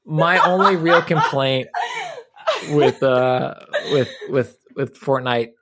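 A man co-hosting a podcast, chatting casually and joking around with mock sales pitches. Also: slow pace, a bit bright. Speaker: co-host.

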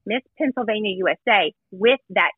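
A woman's voice: medium pitch, lively intonation, brisk, breathy edge, dry recording. A woman guest in casual chat, blunt, chatty and self-deprecating as she tells a story. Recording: tinny phone-like line.

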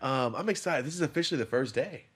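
A young man hosting a casual podcast, telling stories in an animated way with lots of swearing and acted-out quotes. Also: mid-range voice, fast, breathy edge. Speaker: podcast host. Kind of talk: casual chat.

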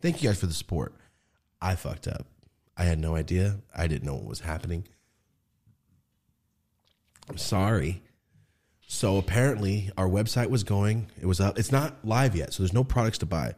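A young man hosting a podcast, chatting casually and telling animated stories with quick jumps into high mimicking voices. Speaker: podcast host.

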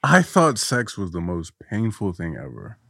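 A young man with a low, husky voice that jumps all over the place as he tells a story. He laughs often and swears casually. The sound is close and dry, with no room around it. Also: huge pitch swings, a little slow, a bit bright, no room sound. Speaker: guest co-host. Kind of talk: casual podcast chat.

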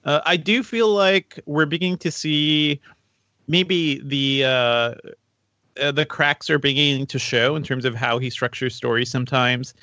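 A man with a bright, forward voice talks through his views on a show, thinking aloud. The sound is dry and close, and the mic is slightly dull and lo-fi. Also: medium pitch, fairly even intonation, unhurried, no room sound. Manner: thoughtful, many fillers and restarts. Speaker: podcast co-host. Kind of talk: casual film discussion.

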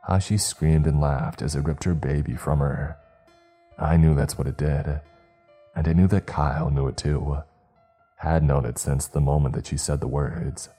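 Deep husky male horror narrator, slow and hushed, with faint music underneath. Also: steady tone.

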